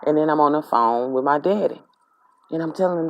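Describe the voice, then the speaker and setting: A Southern woman from Mississippi spins a dream story in loose, animated dialect. Her voice sits low with a gravelly fry. The sound is close and dry, with no room around it. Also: a little fast, dry recording, lo-fi sound. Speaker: spiritual vlogger. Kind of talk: casual storytelling.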